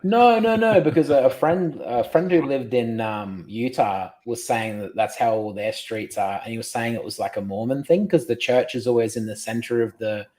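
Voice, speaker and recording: Joking Australian man, guest in a casual chat, middle pitch. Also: moderate pace, hardly any pauses, a little mellow. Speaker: podcast guest.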